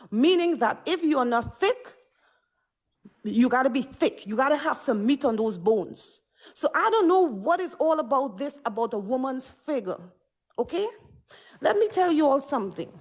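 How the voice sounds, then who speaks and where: A woman speaking on a livestream panel, emphatic and preachy, who keeps repeating "stop it" and "okay?". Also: high voice. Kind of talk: impassioned livestream panel talk.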